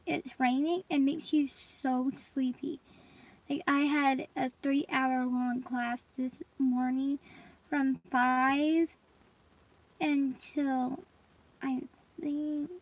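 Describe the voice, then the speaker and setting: A young woman vlogs in a casual, rambling chat, calling her viewers y'all. She coughs and sounds congested from allergies, her voice sits high, and the rough recording has no room sound.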